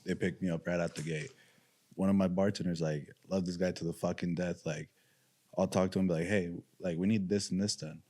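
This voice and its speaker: Brief: man guest, very low voice, plain sincere talk. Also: steady tone, brisk, warm tone. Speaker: guest security guard. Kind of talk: casual interview.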